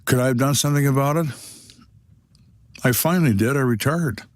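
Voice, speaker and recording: A man's voice: mid-range voice, fairly quick, dry recording. A man in his sixties, a retired detective, telling stories on a podcast in a blunt, dry, wry way. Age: 60s. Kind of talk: storytelling on a podcast.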